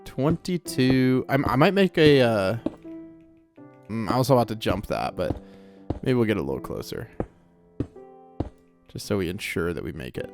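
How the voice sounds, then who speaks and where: A man's voice: lowish voice, very animated, moderate pace, vocal fry, long pauses. A man hosting a video game let's play, chatting casually, laughing often and talking back to the game. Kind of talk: casual gameplay commentary. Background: game music.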